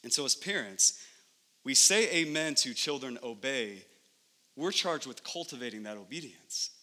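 A man in his thirties preaching a sermon as pastor, animated and conversational, acting out little scenes at home. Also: mid-range voice, moderate pace. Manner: animated, acts out scenes in lively voices. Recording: long hall reverb.

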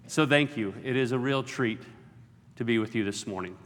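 Middle-aged male guest preacher, mid-pitched, wry and jokey, long hall reverb. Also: brisk, fairly bright tone. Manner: jokey, self-deprecating asides. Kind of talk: sermon. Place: large auditorium.

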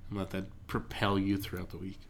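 A man's voice: sits low, completely flat delivery, a little fast, a little hiss or hum. A man hosting a podcast in casual chat, playful and laughing often as he rambles, his voice getting tired. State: voice tiring. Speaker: podcast host.

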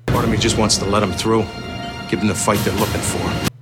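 A man's voice: on the low side, flat delivery, fairly quick, over loud music, lightly acted. An actor playing a reckless male officer who talks in a restless, combative way. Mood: itching.

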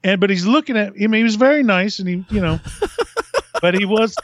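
A man hosts a podcast and tells a story with real excitement, laughing often and swearing freely. His voice sits high and swings widely in pitch. The sound is dry and close. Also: fairly quick, no room sound. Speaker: podcast host. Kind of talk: animated storytelling.

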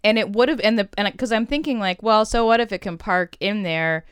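A woman's voice: medium pitch, fairly quick, smooth, no room sound, clean studio sound. A woman co-hosting a podcast, chatting in a frank, joking way. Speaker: podcast co-host. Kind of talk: casual chat.

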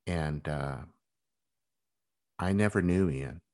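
A man interviewing a guest in an earnest, measured, supportive way. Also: a bass voice, darkish tone. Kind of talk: interview conversation.

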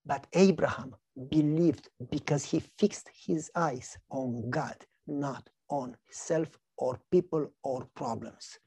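A man preaching a sermon, telling stories with lively acted-out dialogue. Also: a little high, takes it slowly, creaky, hardly any pauses, breathy edge, no echo. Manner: animated storytelling, acts out dialogue. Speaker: pastor.

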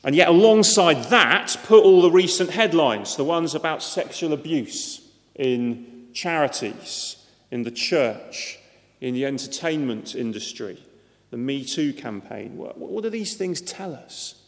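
A man's voice: on the high side, expressive, unhurried. Guy preaching, earnest and emphatic, church hall echo trailing off. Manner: earnest, emphatic with repeated words. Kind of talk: sermon.

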